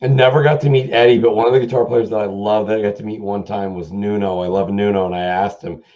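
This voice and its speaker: A man's voice: on the low side, steady tone, quick pace, dark tone. A man hosting a casual music chat, rambling through stories and imitating the people he quotes. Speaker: host. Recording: muffled lo-fi sound.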